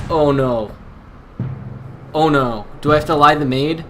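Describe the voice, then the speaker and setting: A young man commenting on a video game as he plays, excitable, nervous and self-deprecating. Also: on the high side, moderate pace, pauses often, soft background music. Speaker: gameplay commentator. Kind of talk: let's-play commentary.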